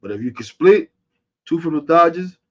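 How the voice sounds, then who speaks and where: A man, hosting a sports podcast as a casual rant. He is frustrated and animated, swinging from loud outbursts to muttering. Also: on the high side, normal speed, dull audio.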